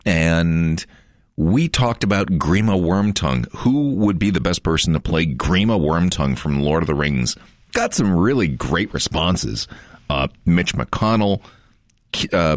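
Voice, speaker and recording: A man's voice: low-pitched, no room sound, studio quality. A man hosting a radio show, chatting casually in a jokey, rambling, self-deprecating way. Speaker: radio host.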